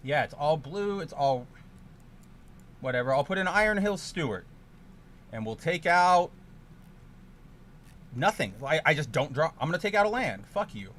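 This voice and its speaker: A man streaming a card game, ranting and swearing, with sudden loud outbursts in casual chat. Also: fairly high pitch, big pitch swings, normal speed, long pauses.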